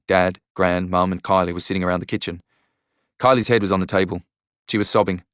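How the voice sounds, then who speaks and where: A man narrating a first-person audiobook in a measured, even storytelling manner. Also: sits low, clear, resonant tone, no room sound, studio quality.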